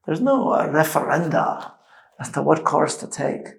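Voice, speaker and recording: A man's voice: on the high side, lively intonation, measured pace, gravelly. A man putting on a Scottish accent to voice a stern older Scottish father who speaks with preacherly gravity. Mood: solemn.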